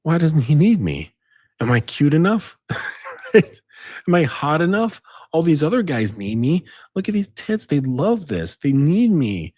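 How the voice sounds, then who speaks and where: Man putting on a needy, self-doubting young woman, high and lively, husky edge. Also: unhurried, no echo, clean studio sound. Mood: insecure. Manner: whiny, self-doubting questions. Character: insecure young woman craving attention.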